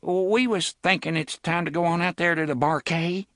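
A man voicing a dim-witted, excitable young thug in an audiobook. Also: on the high side, normal speed, no echo, clean studio sound, voice pushed up, close to an everyday voice. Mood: excited. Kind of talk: audiobook character voice.

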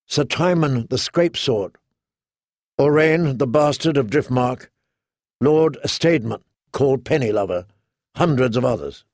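A man reading a fantasy novel aloud as an audiobook narrator, measured and steady. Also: medium pitch, dry recording, clean studio sound. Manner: measured, storytelling. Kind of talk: scripted narration.

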